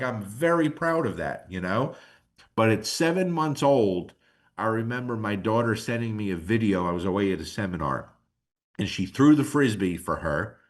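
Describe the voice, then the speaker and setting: A middle-aged man who trains dogs, telling stories in an emotional, animated and casual way as a podcast guest. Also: medium pitch. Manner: casual, slangy. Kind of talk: podcast conversation.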